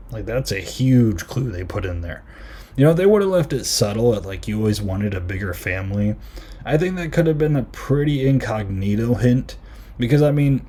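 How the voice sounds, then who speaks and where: Podcast guy, low mellow voice, rambly laid-back movie review, lots of likes and ums. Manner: rambling, many fillers and retold quotes. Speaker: podcast host. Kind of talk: casual film review.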